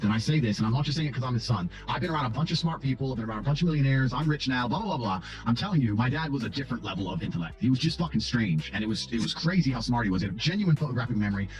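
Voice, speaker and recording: A man telling stories about his family in an interview, blunt and brash and swearing freely. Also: medium pitch. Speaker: interviewee in archived clips. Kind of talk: storytelling interview talk.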